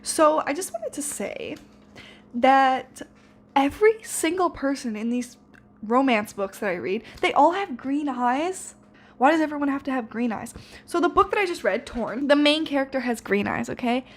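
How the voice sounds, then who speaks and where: Chatty teenage girl, slightly high voice. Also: lively intonation, normal speed. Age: teens. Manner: rambling, chatty, lots of fillers and restarts. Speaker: book vlogger. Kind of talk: casual reading vlog chat.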